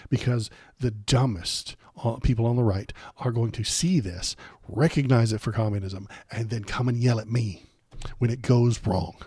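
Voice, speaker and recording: A man's voice: mid-range voice, moderate pace, warm tone, husky, no echo, studio quality. A man hosting a political livestream, ranting bluntly and sarcastically with profanity, his throat sore from a cold. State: coming down with a cold, throat bothering him.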